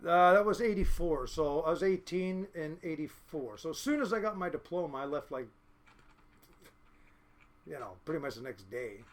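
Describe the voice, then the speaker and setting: A man's voice: a little high, animated, normal speed. A man in his fifties from the United States, a fishing boat captain telling blunt, salty, rambling stories as a podcast guest. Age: 50s. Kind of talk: casual storytelling.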